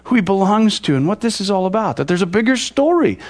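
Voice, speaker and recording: A man's voice: high-pitched, big pitch swings, fast talker. A male pastor teaching from the Bible in a casual, conversational way, with frequent fillers and restarts.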